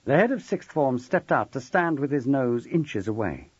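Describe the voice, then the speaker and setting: A man reads a novel aloud with a husky voice and a lively, rising and falling delivery. The recording is dull and dry, with no room sound. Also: medium pitch, moderate pace, dry recording. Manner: expressive storytelling. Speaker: audiobook narrator. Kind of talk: scripted narration.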